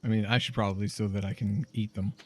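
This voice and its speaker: An American man co-hosting a game stream, talking in a dry, low-key, wry way. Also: little pitch movement, fast, a little hiss or hum. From United States. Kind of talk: casual let's-play chat.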